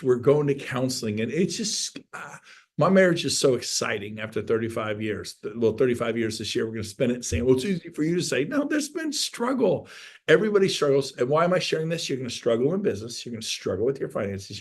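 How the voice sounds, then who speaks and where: A middle-aged man giving an energetic, folksy motivational talk to an audience, now and then breaking into loud outbursts. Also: medium pitch, breathy edge. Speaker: motivational speaker.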